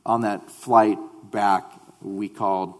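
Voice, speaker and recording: A man's voice: on the low side, slow, big-room sound. A man giving an earnest personal testimony to a congregation, often stumbling and repeating words as he starts his sentences. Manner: earnest, animated storytelling. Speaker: speaker sharing a mission testimony.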